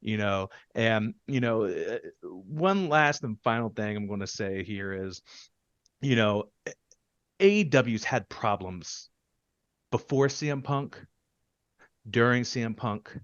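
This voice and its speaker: A man co-hosting a podcast in heated casual chat, ranting and swearing, with quick loud bursts that then drop low. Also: lively intonation, dry recording, lo-fi sound. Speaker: podcast co-host.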